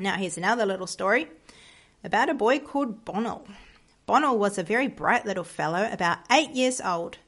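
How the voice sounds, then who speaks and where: Woman Christian teacher reading stories aloud; earnest, unhurried, touch of vocal fry. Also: medium pitch, a bit bright. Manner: earnest, slow storytelling with pauses. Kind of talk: devotional lesson and story reading.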